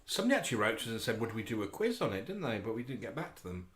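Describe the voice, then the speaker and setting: A man's voice: fairly low pitch, racing. A middle-aged English man co-hosting a casual live chat, playful and bantering. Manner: animated, playful, banters and does voices. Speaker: podcast co-host.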